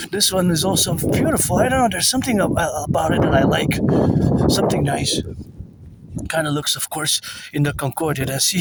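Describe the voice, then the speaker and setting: A man with a slightly high voice rambles as he walks through city streets. He drifts from thought to thought, repeats himself and mutters asides. He sits back from the mic, and loud noise runs behind him. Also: recorded from a distance. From Quebec, Canada. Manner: repetitive, drifting, mutters asides under his breath. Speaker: vlogger. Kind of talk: rambling walking monologue.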